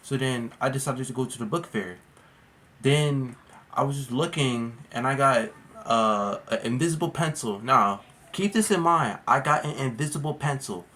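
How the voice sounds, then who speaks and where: A man talks straight to camera in a loose storytime vlog. He rambles, restarts, and fills his speech with slang like "bro" and "like". His pitch sits in an ordinary middle register. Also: lively intonation, normal speed, bright, forceful tone, a little hiss or hum. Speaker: vlogger. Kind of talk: casual storytime monologue.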